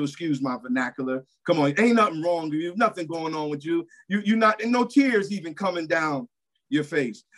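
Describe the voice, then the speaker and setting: During a church service, a man with a fairly high voice preaches a sermon that is emphatic and repetitive. He swings between loud declarations and hushed asides.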